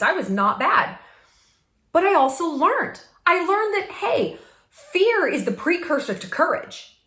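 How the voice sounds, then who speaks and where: A woman hosts a vlog, giving a casual motivational talk to the camera, emphatic and laughing often. Her voice is on the high side with a fairly bright tone, and the room around her echoes.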